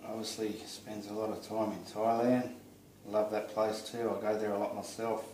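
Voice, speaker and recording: A man with an Australian accent, casually greeting friends in a friendly, unhurried way while he paints. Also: fairly low pitch, little pitch movement, a little mellow, slight background noise. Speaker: artist vlogger. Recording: roomy echo, distant mic.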